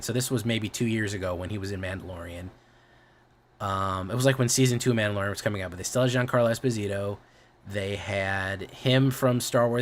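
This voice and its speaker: A male streamer talks in loose, meandering chat with his audience. His voice sits on the low side. He swears freely and keeps doubling back to fix what he just said. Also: fairly bright tone. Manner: rambling, swears casually, self-correcting.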